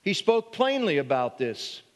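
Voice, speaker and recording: High-voiced preacher in a ringing hall. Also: male voice, measured pace. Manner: animated, repetitive restarts. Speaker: pastor. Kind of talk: sermon. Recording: long reverb of a hall.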